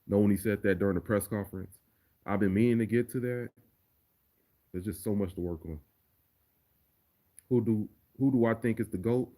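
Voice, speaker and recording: Laid-back male streamer, lowish voice, loose and profane, casual Q&A delivery. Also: moderate pace, long pauses, warm tone. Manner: laid-back, profane, repeats words while thinking. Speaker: livestreamer and remix producer. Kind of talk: casual livestream Q&A.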